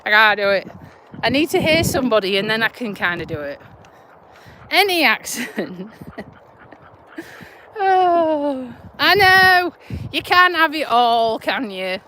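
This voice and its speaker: A woman's voice: a little high, very animated, normal speed, sharp tone, slight background noise. A woman with a Yorkshire-Lincolnshire accent, chatting casually and bluntly on a live stream while out walking her dog, talking into a handheld phone. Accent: Yorkshire-Lincolnshire English. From Lincolnshire, England. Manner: chatty, laughing, broad and blunt. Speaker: vlogger, nurse. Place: outdoors on a country walk.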